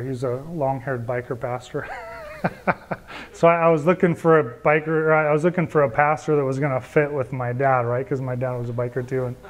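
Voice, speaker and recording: Speaking at a medium pitch, an evangelist in his thirties tells a group his testimony with sincerity. Every so often his voice drops into hushed, confessional remarks.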